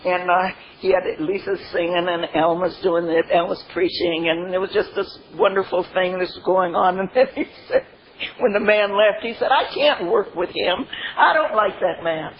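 A woman's voice: on the low side, moderate pace. An older woman sharing a heartfelt personal testimony, laughing through her stories and often saying "you know", on a dull lo-fi recording. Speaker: speaker sharing a recovery testimony. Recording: dull lo-fi recording with faint noise.

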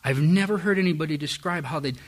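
Pitched a little high and talking fast, a middle-aged man shares his recovery story with a live audience. The testimony is candid and frank, and he mocks himself along the way.

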